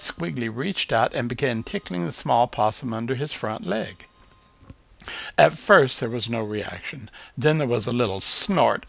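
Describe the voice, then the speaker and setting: A man reading a children's story aloud at a steady, measured pace. His voice is bright and gravelly, with a lively rise and fall, recorded close and dry. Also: mid-range voice, no room sound.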